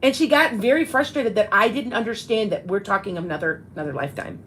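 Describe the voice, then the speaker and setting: A woman in her fifties, a psychic medium, talks fast in a medium-pitched, fairly bright voice during a casual live stream. She rambles and keeps restarting. There's a little hiss or hum, and the recording is rough.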